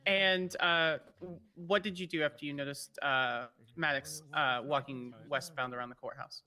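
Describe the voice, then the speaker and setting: A man playing a lawyer in a game courtroom role-play, asking questions in a brisk, formal manner. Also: on the high side, fairly even intonation, sharp tone.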